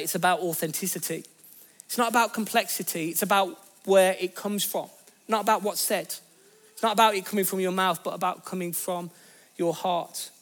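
A man preaching to a congregation in a plain, conversational way, circling back to key phrases for emphasis. His voice sits high for a man. He sounds like a pastor teaching rather than performing. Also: a bit bright. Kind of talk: sermon.

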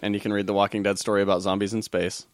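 Swearing guy rambling in casual podcast chat, lowish voice, dry sound. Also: flat delivery, rapid-fire, no echo. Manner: swears freely, rambling with restarts.

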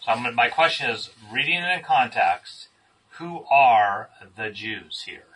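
A man's voice: mid-range voice, animated, a little slow, bright, forceful tone, husky, far from the mic, poor audio. A man leading a group Bible study, asking questions and praising the answers he gets. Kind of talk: interactive Bible study teaching.

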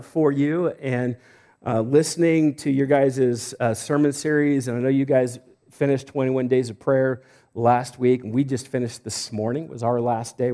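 A man preaches a sermon as a guest pastor in a church sanctuary, speaking conversationally with jokes, fillers and restarts. His voice is medium-pitched with a darkish tone.

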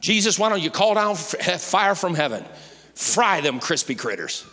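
Man doing a fuming young disciple, forceful and bright, name-calling, church hall echo. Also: sits high, sing-song, moderate pace, full character voice. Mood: indignant. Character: hot-tempered young male disciple, itching for vengeance.

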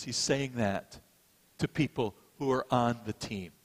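Unhurried and medium-pitched, this middle-aged pastor preaches conversationally through stories, poking fun at himself along the way. Long reverb from the hall trails his words.

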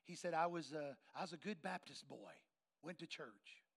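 Gravelly high-voiced preacher telling a story. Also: male voice, moderate pace. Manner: animated storyteller acting out dialogue. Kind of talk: sermon storytelling.

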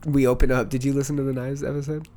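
A man co-hosting a podcast and chatting casually, his voice sitting at an ordinary middle pitch. He swears freely and jokes around. He talks in quick bursts, often repeating the same phrase. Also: level tone, warm tone. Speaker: podcast co-host. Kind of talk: casual chat.

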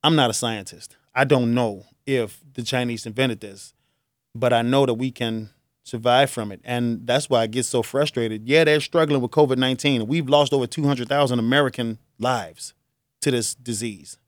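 Chicago radio guy, middle-aged, choked up and rambling, mid-pitch, dead dry sound. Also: steady tone, normal speed, dry recording. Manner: earnest, grieving, rambling with restarts. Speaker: radio host. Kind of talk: emotional talk-show monologue.

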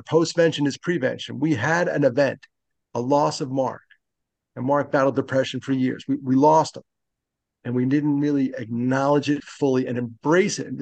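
Earnest gravelly man in his fifties. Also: medium pitch, darkish tone, no room sound. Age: 50s. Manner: earnest and reflective, speaks openly about loss. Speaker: podcast guest. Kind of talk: conversational interview.

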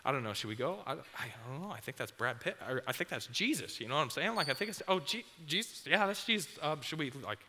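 A man voicing a nervous, bewildered young fisherman who mutters in hushed, anxious tones. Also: on the high side, sing-song, fast talker, hardly any pauses, in a large hall, heavily acted.

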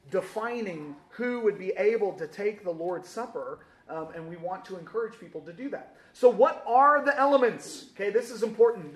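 A man teaching a casual sermon in a church, lively and joking, with many fillers and questions to the room. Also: sits high, echoey room.

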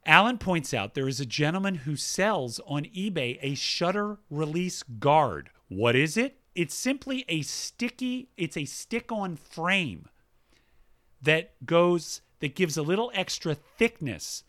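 A man co-hosts a relaxed chat show and reads out listener mail, breaking in with quick comments of his own. His voice sits a little high and sounds bright and forceful. His pitch rises and falls a lot, so he sounds animated. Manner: reads emails aloud with asides, animated. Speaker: podcast co-host reading listener mail. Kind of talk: casual chat.

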